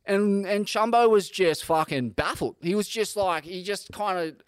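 A man's voice: high-pitched, normal speed, smooth, no echo, studio quality. A young Australian man co-hosting a podcast, brash and joking with plenty of swearing. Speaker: podcast co-host. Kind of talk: casual chat.

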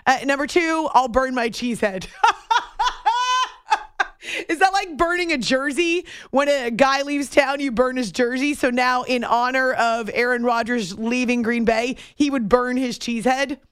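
Woman, sports radio host, chatty, laughing, slightly high voice, dry close studio mic. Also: fairly even intonation, clean tone, no room sound. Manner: chatty, laughing, quick asides. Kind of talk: late-night sports radio talk. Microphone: studio microphone.

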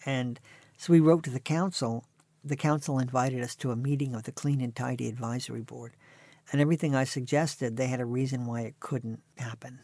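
A man's voice: mid-range voice, fairly even intonation, brisk, a little mellow, no room sound. Dry, wry man in his sixties. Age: 60s. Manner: dry, wry anecdotal delivery. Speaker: interview guest. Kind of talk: conversational storytelling.

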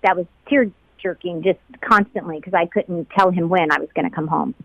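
A middle-aged woman, a flight attendant, recalling events in an emotional interview, heartfelt and quoting others in lively voices. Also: fairly low pitch, normal speed, gravelly, no echo, lo-fi sound.

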